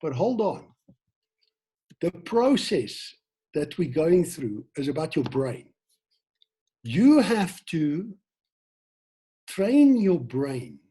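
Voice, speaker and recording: A South African man running an online sales training session over a video call, lively, acting out quoted lines and questioning his audience. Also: fairly high pitch, breathy edge. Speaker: team trainer.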